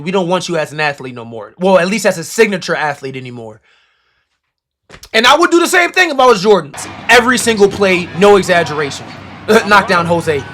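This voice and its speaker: Young male streamer, high-pitched and excitable, reacts loudly to a basketball game with slangy trash talk. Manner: animated, loud outbursts, slangy trash talk.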